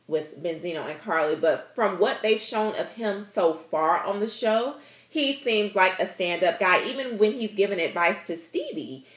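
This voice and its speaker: A woman gives casual, sassy commentary on reality TV, full of playful asides. Her pitch swings freely and keeps her delivery lively. The recording has a noticeable echo from the room. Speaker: vlogger.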